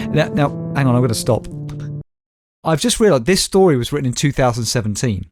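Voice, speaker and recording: A British man co-hosts a casual comedy podcast, reading news items aloud. He hams up the reading with mock-dramatic flourishes and jokes along the way. His pitch sits in a middle range. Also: expressive, quick pace, music in the background. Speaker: podcast co-host.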